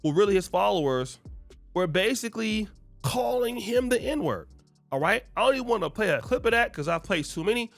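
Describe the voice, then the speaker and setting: A man hosting a commentary video, talking in a conversational, animated way with many fillers. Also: sits high, brisk, vocal fry, no echo, soft background music. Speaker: commentary host. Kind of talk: commentary on online feuds.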